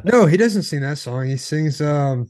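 A young man co-hosting a podcast in casual chat, trading dry, deadpan quips. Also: fairly high pitch, unhurried, dry recording. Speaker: podcast co-host.

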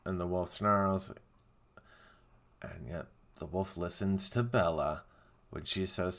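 A podcast host talks through a movie in casual, excitable bursts, full of sarcastic asides. His voice sits very low. It carries a rough, gravelly fry. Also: moderate pace. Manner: excitable, sarcastic running reactions. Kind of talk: casual movie-watching commentary.

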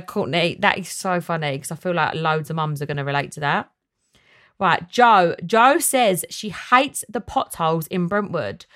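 A young woman hosts a casual solo podcast, chatting and ranting for fun, then reassuring her listeners. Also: mid-range voice. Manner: warm and reassuring when answering listeners. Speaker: podcast host.

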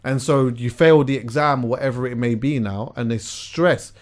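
A young man hosting a podcast, talking in a relaxed, reflective way with plenty of slang. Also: mid-range voice, normal speed. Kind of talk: casual chat.

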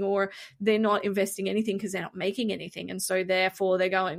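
A woman's voice: mid-range voice, little pitch movement, fast, vocal fry, hardly any pauses. A woman co-hosting a podcast in casual chat, blunt and exasperated, swearing freely. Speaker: podcast co-host.

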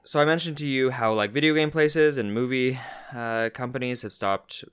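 A man's voice: mid-range voice, normal speed, fairly bright tone, clean tone. A man co-hosting a casual podcast, joking, laughing often and stopping to ask for clarification. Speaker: podcast co-host.

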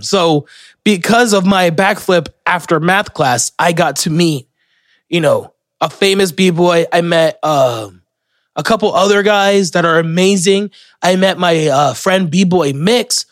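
A young man hosts his podcast alone, drifting through stories with swearing and restarts. He speaks slowly and a little high. His voice sits close and dry on the mic. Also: dry recording. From Florida. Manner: rambling, profane, self-interrupting storyteller. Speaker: podcast host. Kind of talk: casual solo podcast monologue.

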